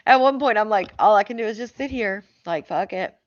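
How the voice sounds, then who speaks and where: A woman's voice: mid-range voice, a little fast, dry recording, dull audio. A woman hosting a live stream, chatting casually to her viewers, swearing freely and laughing often.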